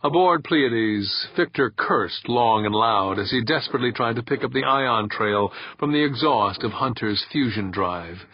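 Husky male audiobook narrator. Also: fairly low pitch, no room sound. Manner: measured storytelling. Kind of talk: scripted narration. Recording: dull lo-fi audiobook recording.

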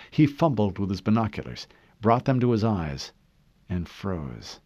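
Male narrator, low and lively delivery, measured dramatic reading, dry dull sound. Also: dry recording. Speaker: audiobook narrator. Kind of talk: scripted narration.

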